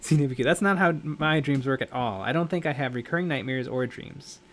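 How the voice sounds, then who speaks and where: A man's voice: mid-range voice, a little fast, a bit bright, slight background noise. Rambling, chatty young man. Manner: rambling, self-correcting, laughs often. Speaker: livestream host. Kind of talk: casual live-stream chat while painting.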